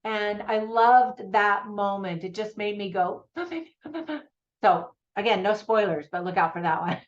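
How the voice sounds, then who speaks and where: A woman's voice: medium pitch, fairly even intonation, moderate pace, lo-fi sound. A woman giving a casual, chatty movie review for parents, often laughing.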